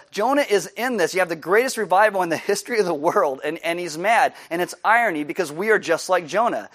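A male pastor delivering a sermon in a high, bright-toned voice. He speaks conversationally and adds light humor as he explains scripture.

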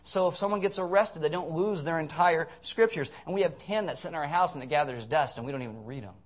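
A man's voice: on the high side, fast. A man preaching a conversational sermon, earnest with blunt, sarcastic asides.

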